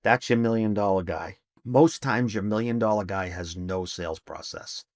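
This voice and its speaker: A man's voice: on the low side, moderate pace, a little mellow, no room sound. Middle-aged man, emphatic salesman-like delivery, casual podcast guest, dry close sound. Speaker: podcast guest, HVAC business trainer. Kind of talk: casual interview talk.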